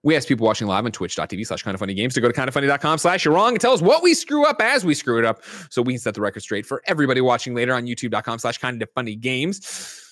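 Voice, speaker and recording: A man hosting a gaming news show, brash and animated, reading plugs and joking with swearing. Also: medium pitch, rapid-fire, hardly any pauses, dry recording, clean studio sound. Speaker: host. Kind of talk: podcast show banter and plugs.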